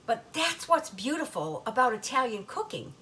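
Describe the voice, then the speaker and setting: Bright chatty grandmother cooking at home. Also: on the high side, big pitch swings, moderate pace. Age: older. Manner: chatty, folksy Italian-American grandmother way of talking. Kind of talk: casual cooking demonstration. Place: home kitchen.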